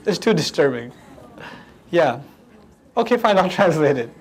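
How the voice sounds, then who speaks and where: Animated higher-voiced male Quran teacher. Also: a little slow, pauses often, slight background noise, low-quality recording. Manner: animated, humorous, acts out quotes. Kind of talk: lecture on Quranic language.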